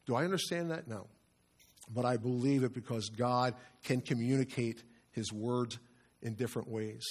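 A man's voice: medium pitch, moderate pace, darkish tone. A middle-aged male pastor giving an earnest, conversational sermon with asides to his congregation.

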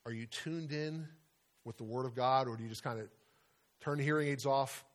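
A man's voice: mid-range voice, moderate pace. A middle-aged man preaching a sermon as pastor, earnest and conversational, weaving in personal stories.

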